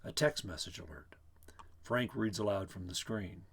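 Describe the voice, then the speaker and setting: A man giving a dramatic reading of a play, voicing the stage directions in a measured way. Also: low voice, fairly bright tone, husky. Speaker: reader.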